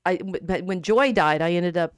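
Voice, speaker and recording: A middle-aged woman co-hosting a casual livestream chat, talking in halting, restarting phrases while grieving and near tears. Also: on the low side, smooth, no echo, clean studio sound. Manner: halting, many restarts, tearful. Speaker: co-host.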